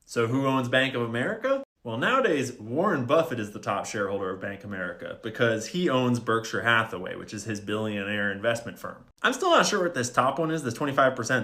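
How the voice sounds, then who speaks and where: A man at an ordinary mid pitch talks straight to his viewers in a relaxed explainer tone. He works through his points step by step, drops dry sarcastic asides and ends on open questions. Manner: conversational, wry asides, questioning. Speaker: video creator. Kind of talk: casual explainer monologue.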